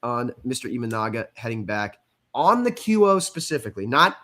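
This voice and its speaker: A man hosting a sports podcast in a relaxed, conversational way, putting questions to his co-hosts. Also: medium pitch, fairly quick. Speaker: podcast host. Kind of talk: casual sports talk.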